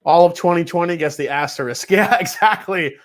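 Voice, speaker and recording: A man's voice: fairly high pitch, brisk. A man with a New York accent hosting a casual whiskey livestream, reading out viewer messages and chatting loosely, with casual swearing.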